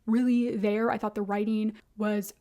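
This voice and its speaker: A young woman vlogging about books she has read, chatty and gushing, with lots of "like" and quick asides. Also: medium pitch, flat delivery, mellow. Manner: chatty, gushing, heavy use of "like". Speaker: book vlogger. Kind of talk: casual book review chat.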